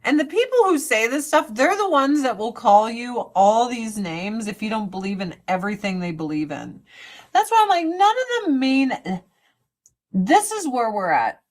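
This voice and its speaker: A woman's voice: a little high, very animated, moderate pace. A woman hosting a casual livestream, chatting bluntly and profanely while she does her makeup and answers viewer comments. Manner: blunt and profane, with frequent swearing. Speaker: livestream host.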